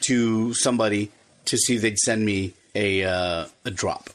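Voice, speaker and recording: A man's voice: lowish voice, steady tone, a little slow. A man co-hosting a casual podcast chat, rambling and joking, laughing often. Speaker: podcast co-host.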